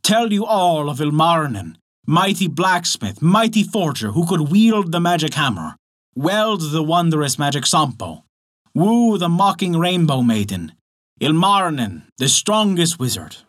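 A man's voice: fairly high pitch, sing-song, measured pace, fairly bright tone, voice pushed up. Wizard bard guy, played by a man, chanting out proud lines, voice swings around a lot. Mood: declaiming. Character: red-haired male wizard bard, proud storyteller. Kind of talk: storybook narration.

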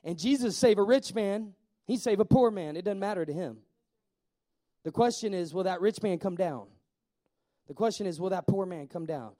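Male pastor, high mellow voice, animated storytelling sermon. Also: moderate pace.

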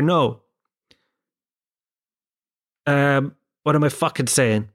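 A man's voice: medium pitch, extremely slow, long pauses. A young adult man, telling a rambling, profane, self-deprecating stand-up story. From Ireland. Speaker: stand-up comedian.

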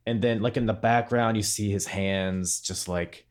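Chill guy hosting a podcast, kinda low voice, laughs a lot, swears. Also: steady tone, unhurried. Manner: laid-back, laughing, swears casually. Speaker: podcast host. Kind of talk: casual chat.

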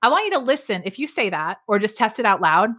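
A woman speaking coach talks with an energetic, emphatic drive, often poking fun at herself. Her voice is bright and clear, pitched in the middle range. The sound is a casual video-call chat. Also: a little fast. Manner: energetic, emphatic, self-deprecating. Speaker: public speaking coach, podcast guest.

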